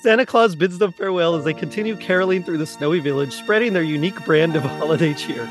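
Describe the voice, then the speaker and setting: A man's voice: a little high, fast talker, soft background music. Give me a man hosting a podcast who reads a script while laughing. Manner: giggly, breaking into laughter while reading. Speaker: podcast host. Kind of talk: reading a skit script aloud.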